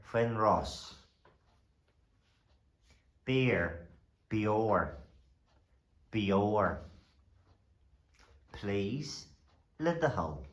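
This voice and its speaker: A man teaching a language lesson, saying each phrase and then repeating it slowly for the listener. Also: lowish voice, fairly bright tone, roomy sound.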